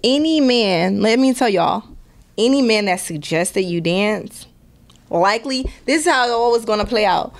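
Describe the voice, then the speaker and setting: A woman's voice: medium pitch, animated, moderate pace. A woman from Milwaukee chats as a podcast guest. She tells her stories bluntly and with lots of swearing, laughs often, and slips into the voices of the people she quotes. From Milwaukee, Wisconsin. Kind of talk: casual interview chat.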